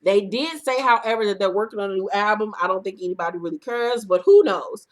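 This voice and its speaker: Talking quickly in a mid-range voice, a woman recaps a reality TV episode with casual, profane commentary. She acts out the cast members in loud bursts.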